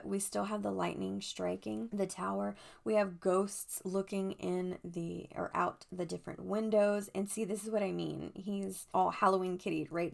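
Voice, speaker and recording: Gushing woman with a gravelly voice. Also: mid-range voice. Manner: gushing, chatty, excitable. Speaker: tarot channel host. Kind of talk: casual show-and-tell vlog.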